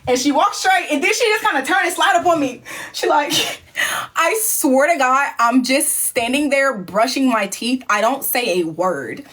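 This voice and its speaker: A woman's voice: high-pitched, animated, moderate pace, fairly bright tone. A woman on a live stream telling a story, acting scenes out with swearing and laughter. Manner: profane, laughing, acts scenes out. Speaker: livestream host.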